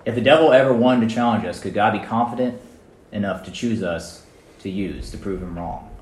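A man preaching a casual sermon to a small group, conversational and animated, often checking in with his listeners. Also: on the low side, fairly quick. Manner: conversational, animated, frequent "right?" and "guys". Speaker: youth preacher. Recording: echoey room, mic at a distance.

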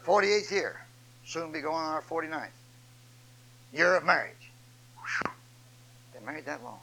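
An older man preaches with a notably high voice, swinging between loud, shouted repetitions and quiet, folksy storytelling. His delivery is homespun and repetitive, pulling listeners in as he talks. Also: lively intonation, a little slow, creaky, long pauses, low-quality recording. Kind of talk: sermon.

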